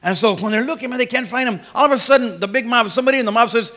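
Guy preaching a sermon, high voice, lots of uh and repeats, gets loud and emphatic. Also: expressive, fast talker. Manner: folksy, hesitant with fillers and repeated words; emphatic, rising to loud declarations.

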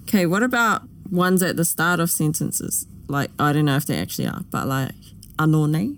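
A man's voice: on the high side, a little fast, fairly bright tone. A man learning the language who asks short curious questions in a casual chat.

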